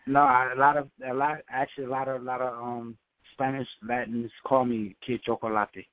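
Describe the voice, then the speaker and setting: Halting man on a tinny phone line. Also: mid-range voice, expressive, no room sound. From Brooklyn, New York. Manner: halting, repeats words. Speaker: guest boxer. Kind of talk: casual phone interview.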